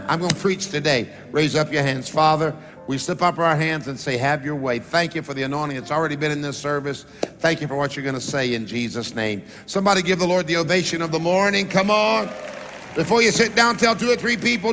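A fairly high, gravelly male voice, preaching in a church. He calls out to the congregation and stretches words for emphasis. The sound carries a long church-hall reverb. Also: normal speed, fairly bright tone, faint music behind. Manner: preaching with call-and-response to the congregation; rises and draws out words for emphasis. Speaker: pastor. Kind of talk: sermon. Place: large church sanctuary.

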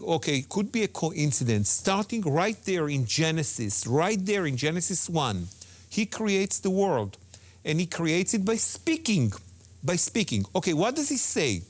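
Emphatic man explaining words. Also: on the high side. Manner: emphatic, repeats key words, non-native phrasing. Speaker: Hebrew teacher guest. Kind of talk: animated religious TV discussion.

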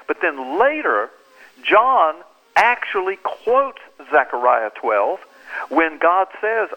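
A man's voice: fairly high pitch, bright, forceful tone, poor audio. A man speaking as an author and pastor guest in an interview, explaining scripture in an earnest, emphatic, preacherly way. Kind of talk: animated interview talk.

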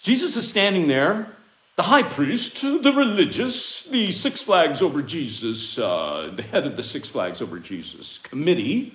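A man preaching a fiery sermon, reading scripture and swinging from hushed asides to loud, impassioned outbursts. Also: a little high, sing-song, a little slow. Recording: echoey room.

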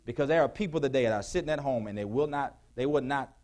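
A male pastor preaching a sermon in a church, with call-and-response questions to the congregation, sometimes rising to shouts. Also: medium pitch, quick pace. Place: church sanctuary.

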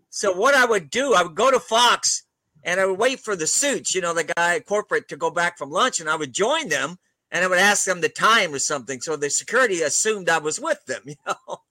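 An older man being interviewed as a guest author, telling anecdotes in a relaxed way and chuckling often. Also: high-pitched, a little fast, no room sound, poor audio.

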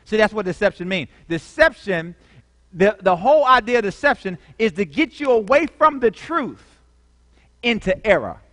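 Animated preacher man in an echoey hall. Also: high-pitched, normal speed. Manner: animated, call-and-response, dramatic shifts in volume. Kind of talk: sermon.

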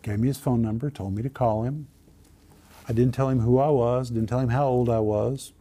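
A man, a Christian minister and author, telling a personal testimony as an earnest, animated storyteller. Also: medium pitch, moderate pace.

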